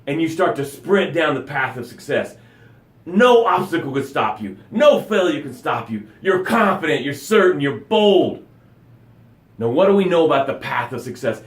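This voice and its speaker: A man hosting a daily motivational live broadcast as a coach. He preaches with high energy, whooping and shouting. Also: normal speed, echoey room. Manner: energetic, preachy, with whoops and shouts, then drops to soft breathing cues. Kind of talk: motivational live-stream talk.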